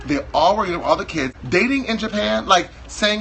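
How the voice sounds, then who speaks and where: A man's voice: high voice, animated, a little fast, creaky, few pauses, pushed and bright, slight background noise, low-quality recording. A man in his thirties from Wisconsin, chatting as a guest in a flamboyant, campy, playfully exaggerated way. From Wisconsin, USA. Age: 30s. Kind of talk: casual chat.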